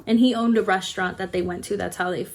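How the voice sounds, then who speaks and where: A woman's voice: medium pitch, steady tone, fast. A woman giving a casual book review, chatting as she retells the story and acting out the characters' lines.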